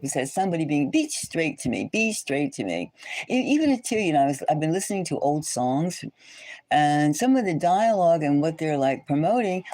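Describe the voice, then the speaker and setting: Rambling indignant woman, low lively voice. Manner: rambling, many restarts and fillers; indignant, rhetorical questions. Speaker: tarot channel host. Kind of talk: livestream chat monologue.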